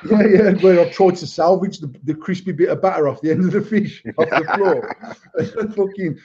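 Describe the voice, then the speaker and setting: A high-sitting, slightly rough voice belongs to an adult British man speaking at normal speed. As a podcast co-host in casual banter, he tells a rowdy childhood story with constant swearing, animated delivery, and laughter along the way. It's recorded with dull lo-fi sound.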